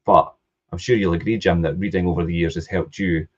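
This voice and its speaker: Low husky Scottish man chatting. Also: brisk, muffled recording. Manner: relaxed, agreeable, rambling sentences. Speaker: co-host. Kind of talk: casual podcast chat.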